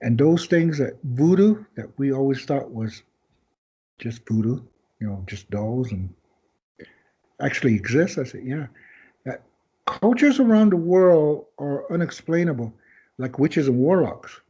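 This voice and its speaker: A man's voice: mid-range voice, big pitch swings, measured pace, warm tone, breathy edge. A man guesting on a podcast who tells rambling anecdotes in casual storytelling style, acting out other people's lines as he goes. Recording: dull lo-fi podcast audio.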